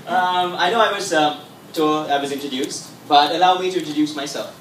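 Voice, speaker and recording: A young man with a Sri Lankan accent works a comedy club crowd as a magician, his patter chatty and showy. His voice sits a little high. The recording is echoey, with the mic far from him and faint room noise behind. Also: normal speed, a bit bright. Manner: chatty, showman-like. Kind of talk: stand-up stage patter.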